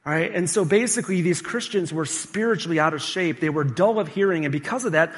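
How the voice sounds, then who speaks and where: A man's voice: fairly high pitch, brisk, long reverb tail. A male pastor preaching a sermon and engaging the congregation with questions. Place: church sanctuary.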